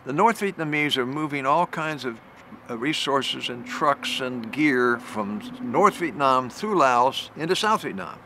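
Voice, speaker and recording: An older man, a retired general, tells a vivid story in a recorded talk, restarting phrases along the way and rising in pitch at the tense moments. His intonation is lively and his tone sharp as he speaks unhurriedly, with slight background noise.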